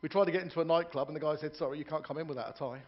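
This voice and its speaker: A man's voice: fairly high pitch, steady tone, very fast, lo-fi sound, noisy background. A man performing stand-up comedy in a ship's theatre, telling jokes, doing characters' voices and joking with the audience.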